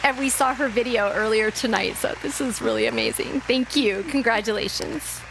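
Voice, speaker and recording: A woman's voice: a little high, big pitch swings, normal speed, gravelly, noisy background. Heartfelt woman hosting a charity awards show. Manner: heartfelt, emotional. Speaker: charity event host.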